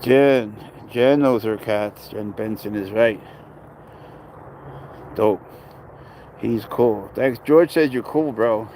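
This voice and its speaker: A man's voice: fairly low pitch, slow pace, pauses often, warm tone, slight background noise, rough recording. A man casually chatting on a livestream about his pet, rambling and blunt, swearing freely as he reads and answers comments outdoors.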